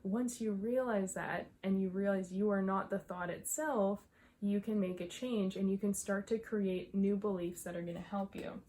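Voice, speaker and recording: A young adult woman talking to camera as a mindset coach, slightly out of breath, emphatic and quick to laugh. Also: mid-range voice, steady tone, dark tone. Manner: emphatic, repeats herself, laughs often. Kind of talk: casual talk to camera.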